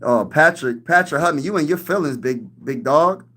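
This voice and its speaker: A man's voice: fairly high pitch, expressive, moderate pace, bright, forceful tone. A young man hosting a casual sports livestream, reading chat comments aloud and trash-talking other teams. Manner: hypes, reads and answers chat comments, talks trash.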